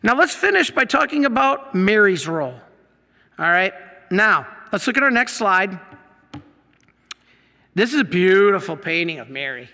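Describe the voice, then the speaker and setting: A man, a Catholic priest, teaching his audience from slides in an animated way, with many rhetorical questions. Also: sits high, moderate pace, creaky, long pauses. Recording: long hall reverb.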